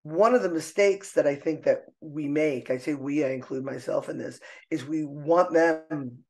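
A middle-aged woman speaking as a podcast guest, expressive and emotional, laughing often as she talks. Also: deep voice, normal speed. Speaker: podcast guest, artist and author. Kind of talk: casual conversational interview. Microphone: own microphone.

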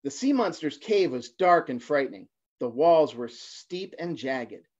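A man in his forties, a guest reader, reading a children's picture book on a livestream, halting at times with fillers and restarts. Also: on the high side, expressive, darkish tone. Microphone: phone or laptop for a livestream. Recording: dull lo-fi livestream audio.

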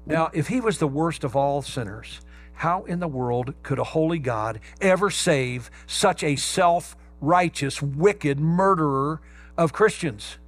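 Male pastor, emphatic sermon delivery, slightly higher-pitched voice. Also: animated, soft background music. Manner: emphatic preaching, stresses key words slowly.

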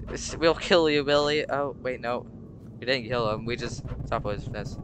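A man's voice: mid-range voice, fairly even intonation, brisk, over music. Jumpy young man playing a horror game. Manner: jumpy, chatty, prone to sudden shouts. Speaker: gamer. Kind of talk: casual gameplay commentary.

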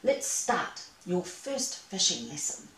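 A woman's voice: on the low side, sing-song, sharp tone, roomy sound, distant mic, full character voice, low-quality recording. A woman voicing a patient, courteous male elephant who teaches fishing in a storybook. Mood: instructive. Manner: courteous, instructive, measured.

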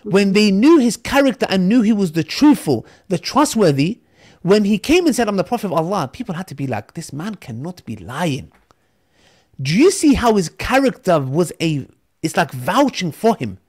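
A man, a podcast guest who tells lively stories and acts out the voices in them. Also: sits high, moderate pace. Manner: animated storyteller, acts out quotes.

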